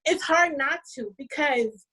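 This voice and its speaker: A woman's voice: high voice, lively intonation, unhurried, bright, forceful tone, low-quality recording. A young woman from the Dominican Republic, speaking in a heartfelt, earnest way in a casual panel chat. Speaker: podcast co-host.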